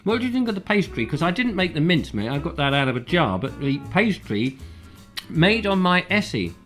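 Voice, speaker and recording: A man's voice: fairly high pitch, big pitch swings, a little fast, fairly bright tone, faint music behind. A man hosting a casual cooking vlog in his kitchen, chatty and self-deprecating with a chuckle in his talk. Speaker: vlogger host. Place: home kitchen.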